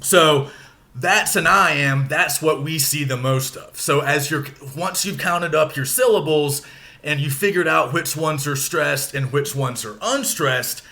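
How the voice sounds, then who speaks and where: A man giving a recorded lecture, with a bright voice that sits a little high. He explains step by step in a relaxed, casual way, with the odd filler. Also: unhurried. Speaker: teacher.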